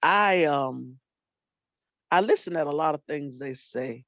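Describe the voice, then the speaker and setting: An older woman, a retired teacher and librarian, telling animated stories about her students in casual talk and acting out what people said. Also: sits low, takes it slowly, no echo. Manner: animated storyteller, acts out quotes, folksy Southern phrasing. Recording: dull lo-fi dry sound.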